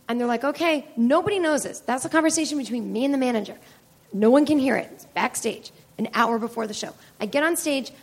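A woman comedian with a fairly high voice tells a story on a club stage in front of a live audience. She is chatty and swears freely. She acts out both sides of each conversation herself. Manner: chatty and profane, acting out both sides of dialogues. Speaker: comedian and podcast host.

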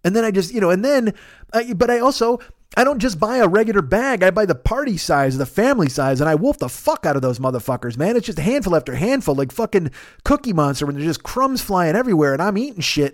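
This podcast host's comedic monologue is profane and rambling, with plenty of self-mockery. He talks quickly in a high voice that jumps around a lot, captured in a close, dry studio recording.

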